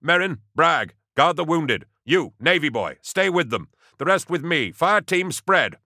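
A man's voice: fairly low pitch, a little slow, a bit bright, dry recording, clean studio sound. A man voicing a stern male commissar who leads his troops in clipped, commanding orders. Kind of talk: audiobook character voice.

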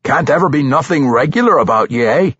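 A man voicing a gruff, joking male dwarf warrior who talks in a folksy dialect. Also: a little high, lively intonation, fairly quick, fairly bright tone, muffled recording, pitched above the performer's own voice. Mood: teasing.

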